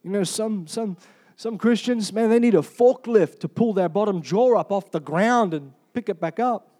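A man preaching a sermon in an energetic, humorous way, often asking the congregation "Amen?". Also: sits high, normal speed.

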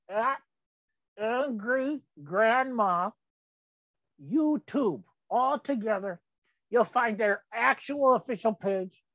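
High-voiced folksy older man. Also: dry recording, dull audio. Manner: folksy, rambling. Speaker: podcast host. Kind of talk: casual commentary on photos.

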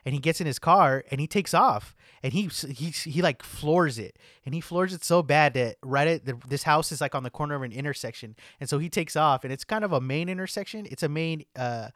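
A young man casually telling a wild party story, animated and full of slang and swearing, on a close mic. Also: on the high side, a little fast, few pauses, no room sound.

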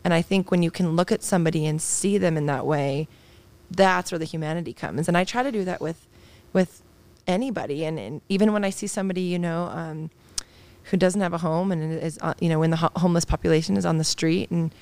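This is a psychologist in her thirties, a podcast guest giving a candid interview. She talks briskly in a lowish voice, earnest and open, pausing to reflect and laughing softly now and then.

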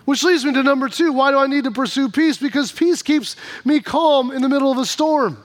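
High-voiced preacher man. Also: a little fast. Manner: storytelling preacher, emphatic repetitions. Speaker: pastor. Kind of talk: sermon.

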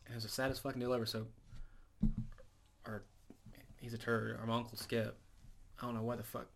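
A man co-hosts a casual podcast, spinning a long profane story at a quick clip. He talks in loose run-on bursts, laughs partway through, and a faint background hiss sits under the voice. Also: medium pitch, monotone, gravelly. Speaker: podcast co-host.

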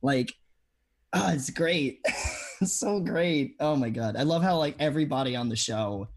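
A speaker with a mid-range voice chats casually and reacts with excitement. They laugh often and say "oh my God" a lot. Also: medium pitch, moderate pace. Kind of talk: casual chat.

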